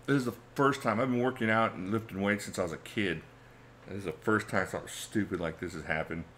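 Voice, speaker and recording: A middle-aged man with a low, fairly bright voice hosts a casual livestream, with slight background noise in the audio. Laid-back and chatty, he reads chat comments and laughs often.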